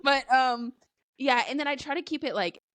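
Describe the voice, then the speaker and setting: A woman's voice: high-pitched, moderate pace, fairly bright tone, no room sound. A woman co-hosting a podcast in casual chat, rambling and swearing freely with lots of fillers. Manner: rambling, profane, peppered with "like". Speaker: podcast co-host.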